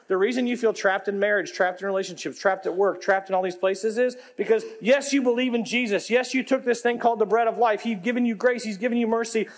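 A man preaching a lively sermon as pastor, swinging between loud, high lines and quiet, low asides. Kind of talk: energetic sermon.

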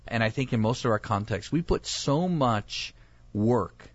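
Animated male pastor telling stories. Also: medium pitch, unhurried, dry recording, lo-fi sound. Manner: animated storyteller, acts out quoted voices. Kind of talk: casual chat.

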